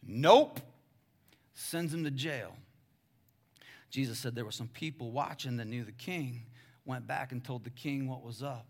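A male pastor preaching a sermon in a conversational way, calling the crowd guys and swinging between hushed and loud. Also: medium pitch, moderate pace.

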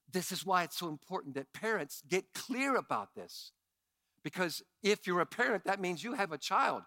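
A middle-aged man preaching a sermon as pastor, animated and impassioned. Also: high voice.

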